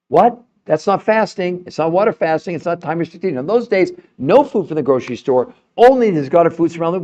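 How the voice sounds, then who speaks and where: Emphatic older man on a dull stream. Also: mellow. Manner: emphatic, salesy, pitch jumps high for emphasis. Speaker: host of a live stream. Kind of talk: live-stream talk to a chat audience.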